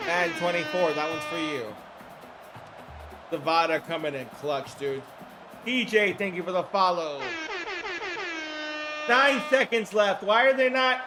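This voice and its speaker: A man with a hoarse throat hosting a livestream, giving casual play-by-play commentary in an excitable, chatty way with casual swearing. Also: high voice. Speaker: livestream host.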